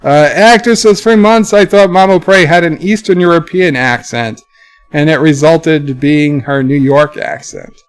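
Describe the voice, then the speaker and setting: A man hosting a casual livestream, reading viewers' chat aloud in a lifted voice and answering it in a low, offhand mutter. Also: measured pace, smooth.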